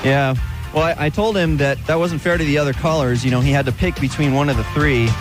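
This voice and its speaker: A man's voice: on the high side, steady tone, a little fast. A man co-hosting a live radio countdown, joking his way through on-air mistakes. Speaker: radio DJ co-host. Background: music.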